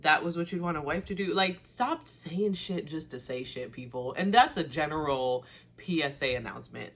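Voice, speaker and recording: A woman hosting a casual TV recap, chatty and animated, blunt and slangy, laughing often. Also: fairly quick. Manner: chatty and animated, with big pitch swings and frequent laughs. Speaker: host.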